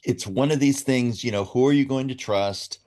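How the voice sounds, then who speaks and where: A man's voice: medium pitch, normal speed, a little mellow. A man giving blunt, opinionated commentary in a radio interview. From United States. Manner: blunt and opinionated, with dry laughs. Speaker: commentator, former public radio editor.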